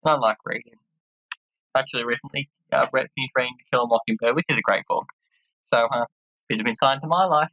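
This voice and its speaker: Her voice is extremely low yet fairly bright in tone, and she talks fast. As a let's-play host, she giggles and chats casually through a game, reading character lines aloud in playful voices, captured in slightly dull lo-fi sound.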